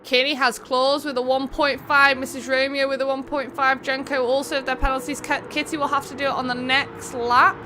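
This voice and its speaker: A woman's voice: sits high, little pitch movement, noisy background. A woman with an English accent, commentating a racing game live on stream and chatting with viewers. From England. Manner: chatty, quick race commentary, greets viewers by name. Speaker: streamer hosting an online racing event.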